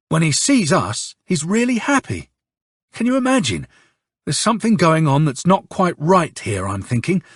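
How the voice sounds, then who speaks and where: A man reading an audiobook, playing a hoarse, bitter young officer who tells his story with curses and sarcasm. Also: a little high, no room sound, clean studio sound. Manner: angry, sardonic storytelling with curses. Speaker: audiobook narrator.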